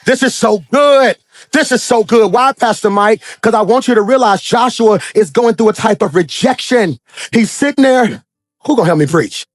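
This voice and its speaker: A man preaching a sermon as pastor, swinging from shouted high points to low, quiet asides and acting out characters. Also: lively intonation, soft background music. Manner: acts out characters in quick dramatic voices.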